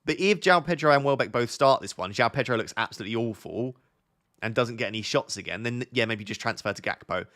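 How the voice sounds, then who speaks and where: A man's voice: mid-range voice, expressive, fast, a bit bright. A young man from Essex with a southern English accent, chatting casually on a live stream, reading out viewer questions and giving friendly advice as he thinks aloud. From Essex, England. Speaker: fantasy football streamer.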